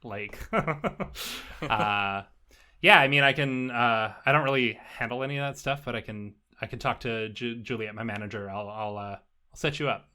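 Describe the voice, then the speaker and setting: A man's voice: mid-range voice, normal speed, bright, forceful tone, lightly acted. Man doing a cool, aloof woman musician. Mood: offhand.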